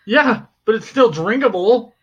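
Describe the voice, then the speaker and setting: A man's voice: very high voice, animated, a little slow, slightly rough. A man grumbles through his weekly complaints with theatrical, mock-angry emphasis. The sound is dull and lo-fi. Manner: exaggerated mock outrage. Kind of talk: casual complaint chat.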